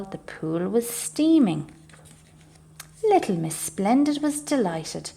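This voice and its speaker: A woman reads a children's storybook aloud for a library story time. Her delivery is expressive and measured, in a mid-range voice. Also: mid-range voice.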